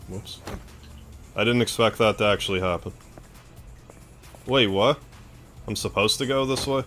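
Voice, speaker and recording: Canadian male streamer, low-pitched, casual chatter, bursts of excitement, faint music underneath. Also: a little slow. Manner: excitable outbursts, laid-back thanks. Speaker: game streamer. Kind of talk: casual gameplay commentary, thanking chat.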